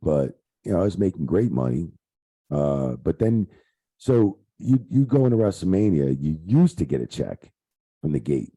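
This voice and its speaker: A man's voice: low-pitched, big pitch swings, normal speed, dark tone, slightly rough. A middle-aged man, a retired referee, telling rambling stories in a casual interview, full of fillers and swearing. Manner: rambling, profane, lots of fillers. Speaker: guest, retired wrestling referee.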